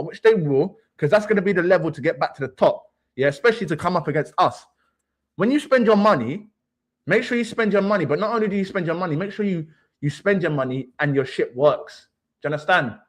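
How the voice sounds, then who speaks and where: A young man hosting a livestream, ranting brashly about football with swaggering street slang. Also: high voice. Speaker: livestream host. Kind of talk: heated fan rant.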